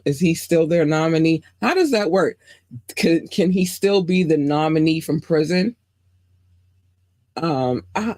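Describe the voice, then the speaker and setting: A woman's voice: sits low, darkish tone, no room sound. Woman host reading news casually, full of asides and questions; dry, close recording. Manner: chatty, reads news aloud with frequent asides and questions. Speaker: podcast host.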